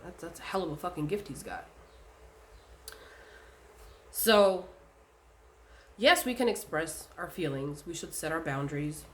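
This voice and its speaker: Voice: mid-range voice, measured pace, long pauses, a bit bright. A speaker talking casually and bluntly, giving spiritual advice in a vlog, swearing often and using lots of fillers.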